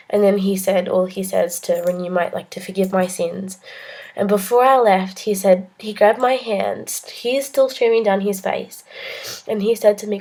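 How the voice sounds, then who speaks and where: A young woman with an Australian accent telling a personal story to camera in an earnest, halting way, with many pauses and restarts. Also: mid-range voice, fairly even intonation, darkish tone. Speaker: vlogger.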